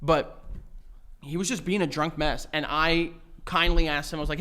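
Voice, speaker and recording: A man's voice: fairly high pitch, steady tone, normal speed, sharp tone. A man, telling stories in casual podcast chat and swearing freely. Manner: rambling storytelling, swears freely. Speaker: podcast co-host.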